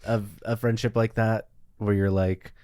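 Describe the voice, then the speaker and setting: A man's voice: fairly low pitch, little pitch movement, measured pace, a little mellow, clean tone, no echo, clean studio sound. A man chatting casually as a podcast guest, laughing often and acting out little quotes. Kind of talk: casual comedic chat.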